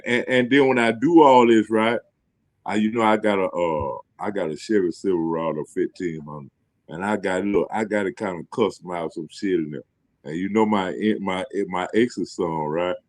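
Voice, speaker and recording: Deep-voiced male guest, rambling and profane, dry close sound. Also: a little slow, dry recording. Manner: loose, profane, repeats himself, laughs often. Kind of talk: casual rambling chat.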